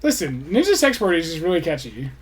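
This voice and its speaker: A man's voice: a little high, huge pitch swings, fast talker. A man chatting casually on his livestream, rambling, restarting sentences and swearing offhandedly.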